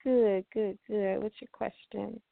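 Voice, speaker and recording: A woman hosting a call-in radio show, calmly giving spiritual readings to callers. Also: medium pitch, slow, creaky, dry recording. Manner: calm, steady advice-giving. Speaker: radio host and spiritual reader. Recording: tinny phone-line sound, dry.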